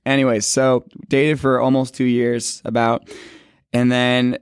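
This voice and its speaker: A man's voice: medium pitch, little pitch movement, clear, resonant tone, dry recording, clean studio sound. A man of twenty casually telling his faith testimony. He rambles, fills his talk with "like" and corrects himself as he goes. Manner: rambling, heavy use of "like", quick self-corrections. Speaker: speaker sharing a faith testimony. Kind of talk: casual personal storytelling.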